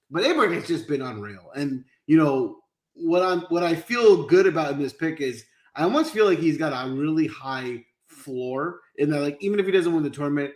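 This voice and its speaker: A man giving fantasy golf picks in a casual live chat, confident and conversational. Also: on the high side. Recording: roomy echo.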